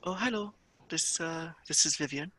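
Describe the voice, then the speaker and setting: A man voicing a hesitant Indian housewife with an Indian accent in a sales call role-play. He speaks haltingly, with many pauses and uhs. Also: a little high, sharp tone. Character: hesitant Indian housewife, woman, middle-aged.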